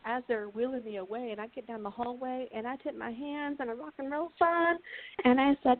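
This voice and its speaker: A woman's voice: high-pitched, fairly even intonation, brisk, slight background noise. A woman from Texas, a guest author, telling funny personal stories in a casual chat and laughing often. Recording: tinny phone-like line, dry.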